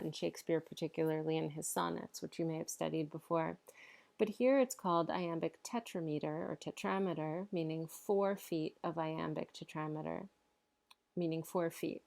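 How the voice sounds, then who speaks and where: A woman delivers a recorded literature lecture, walking through slides and reading poetry aloud with a steady beat. Her voice sits low and has a gravelly edge. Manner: explanatory, reads verse aloud in rhythm.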